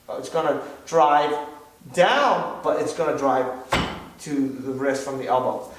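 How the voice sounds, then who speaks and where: A man instructing a martial arts drill, patient and explaining step by step, checking in with frequent questions. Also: a little high. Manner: patient, repeats "okay?" often. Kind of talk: demonstration lesson. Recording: echoey room, distant from mic, noisy.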